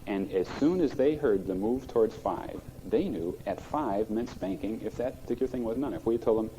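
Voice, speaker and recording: A man's voice: mid-range voice, expressive, brisk, dark tone. A middle-aged man preaching a sermon as a pastor, plainspoken and folksy, recorded on an old muffled cassette.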